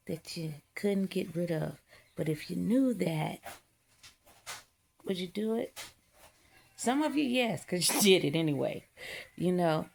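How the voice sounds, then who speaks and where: A woman with a lowish, heavily gravelly voice full of vocal fry. She rants with defiance and profanity, stacking up emphatic declarations in a spiritual monologue. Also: darkish tone. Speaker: vlogger.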